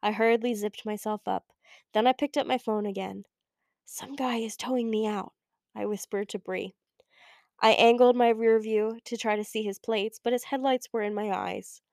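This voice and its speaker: A young woman narrating a first-person audiobook with a wry, expressive way of telling the story. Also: medium pitch, moderate pace, creaky, no echo, studio quality. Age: young adult. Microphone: close studio mic.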